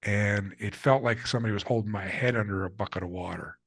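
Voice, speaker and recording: An older man, an author guest in an interview, tells personal stories earnestly and candidly, acting out the people he quotes. His fairly low voice is slightly rough and quick-paced, and the recording is dry. The talk is reflective.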